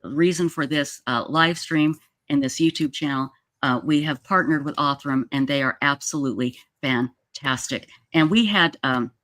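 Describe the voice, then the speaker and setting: A woman hosts a casual livestream, telling a story with animated energy and frequent restarts. She speaks into a video-call mic from an indoor setup. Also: low voice, moderate pace. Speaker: livestream host.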